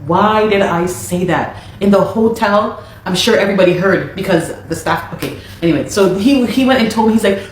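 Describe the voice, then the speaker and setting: A woman telling her story in an exasperated, animated way. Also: medium pitch, normal speed, hardly any pauses, slight background noise. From Canada. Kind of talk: personal account. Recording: echoey room.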